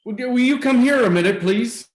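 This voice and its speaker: A man reading the part of a gentle father of the bride, soothing and measured, in a staged play reading. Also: very high-pitched. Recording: echoey room.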